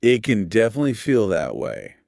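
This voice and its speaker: Deep, lively-voiced male English teacher. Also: fairly quick, vocal fry, no room sound, clean studio sound. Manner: patient, explanatory, emphatic stress. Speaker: English teacher, podcast co-host. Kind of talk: scripted podcast lesson dialogue.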